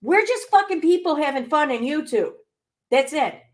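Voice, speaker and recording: A woman's voice: high voice, lively intonation, moderate pace. A woman hosting a commentary channel, reacting to clips with sarcastic, exasperated rants full of swearing.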